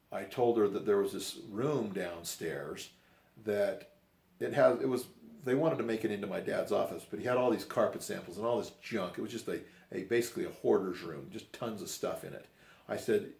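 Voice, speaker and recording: An older man tells a story from his own life in a loose, folksy way, often restarting his sentences and acting out what people said. His voice sits low and carries a gravelly rasp. It is recorded in an echoey room. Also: a little mellow. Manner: rambling, folksy, with restarts and acted-out quotes. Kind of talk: personal storytelling.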